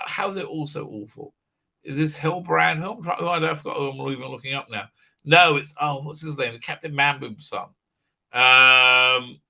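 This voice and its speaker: A man hosting a live stream, ranting profanely and mocking characters in squeaky put-on voices. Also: creaky, bright, forceful tone. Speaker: show host.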